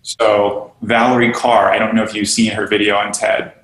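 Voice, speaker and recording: A podcast guest who owns a yoga studio and trains teachers speaks in a lowish, level, fairly bright voice at a normal pace. He talks earnestly and animatedly about teaching and belonging, often performing the voices of people he quotes. The room has a noticeable echo.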